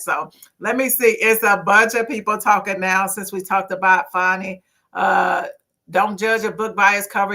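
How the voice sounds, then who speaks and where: A woman, hosting a casual livestream talk show and reading viewer comments in an outspoken, preachy way. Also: medium pitch. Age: 50s. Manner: outspoken, lively, preachy, swears.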